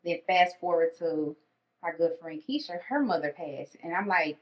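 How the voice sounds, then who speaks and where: A woman's voice: fairly low pitch, normal speed. A woman telling personal stories in casual conversation, acting out her own inner thoughts. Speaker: podcast guest. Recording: echoey dull room sound.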